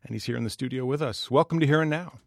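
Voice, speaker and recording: A man hosting a radio interview in a studio, asking questions in a measured, conversational way. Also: mid-range voice, vocal fry, no room sound. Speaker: radio show host.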